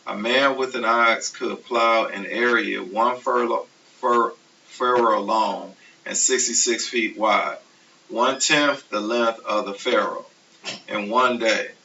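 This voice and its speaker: A man teaching a recorded math lecture, explaining steps slowly and methodically. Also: medium pitch. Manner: steady, methodical explaining, self-correcting. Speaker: math instructor. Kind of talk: recorded lecture over slides. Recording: distant, dull, hissy classroom recording.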